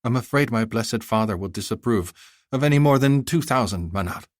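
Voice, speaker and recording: A respectful, clever young girl, as a male audiobook narrator puts her on, raised well above his natural pitch and measured in her politeness. The recording is close and dry. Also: animated, dry recording, close to an everyday voice. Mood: polite. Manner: polite, careful.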